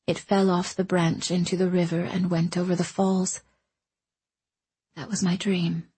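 A woman narrator voicing a gentle, scheming woman who speaks in a soft, coaxing, lulling way. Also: lowish voice, level tone, measured pace, husky, no echo.

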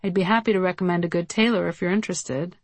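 A woman's voice: lowish voice, fairly even intonation, fast talker, dry recording. A woman voicing a cheerful, joking middle-aged father who teases his teenager's friends with goofy banter. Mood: teasing.

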